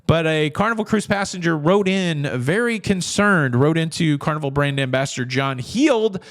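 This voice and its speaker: Middle-aged guy doing cruise news commentary, kinda high voice, rambly and jokey. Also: animated, normal speed. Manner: chatty, rambling, self-interrupting with jokey asides. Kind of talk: casual commentary.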